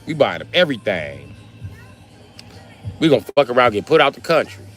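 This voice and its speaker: A male comedian telling a profane, animated comic story on a live stream. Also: mid-range voice, a little fast, faint music behind.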